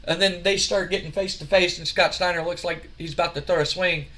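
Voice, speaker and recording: A man's voice: sits high, steady tone, brisk, bright, forceful tone. A man casually recapping a wrestling sim game in a chatty, rambling way. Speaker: game host.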